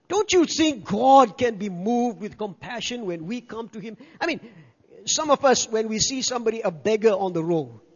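An older man preaching a sermon, emphatic, repeating key words and calling for amens. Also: very high-pitched. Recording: reverberant dull hall sound.

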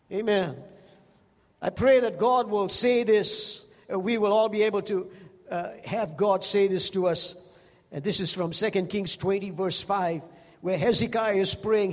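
A man's voice: high-pitched, in a large hall. A man preaching a sermon, telling the stories with emphasis and calling out to the congregation. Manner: storytelling, emphatic with call-outs to the congregation.

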